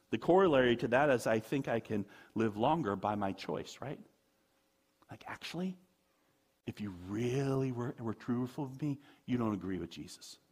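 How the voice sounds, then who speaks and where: A man preaching a sermon, animated, with laughing asides, acting out quoted voices. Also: mid-range voice, breathy edge. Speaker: pastor.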